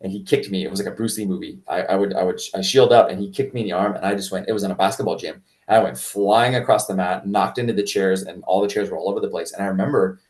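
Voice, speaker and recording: A man, a martial arts instructor, telling a story in a casual interview, rambling with restarts and jumping much higher when he quotes people. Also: fast, few pauses, darkish tone, recorded from a distance. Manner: rambling with many restarts and fillers; acts out quoted voices in a much higher pitch.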